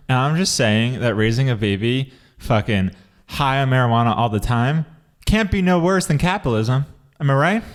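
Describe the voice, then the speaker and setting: A man co-hosting a podcast, joking and riffing in casual chat about song lyrics. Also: medium pitch. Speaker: podcast co-host.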